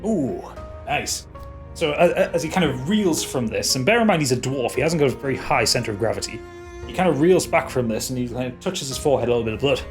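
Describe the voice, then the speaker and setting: A man's voice: medium pitch, animated, faint music behind. A man narrating as game master, stopping and restarting often. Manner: halting, full of restarts and fillers.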